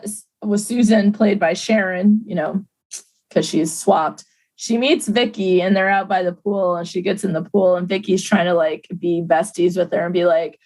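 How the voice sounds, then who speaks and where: Woman co-host, casual chat, playful and argumentative, mid-pitched voice. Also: darkish tone, poor audio. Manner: playful, argumentative, laughs often. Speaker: podcast co-host.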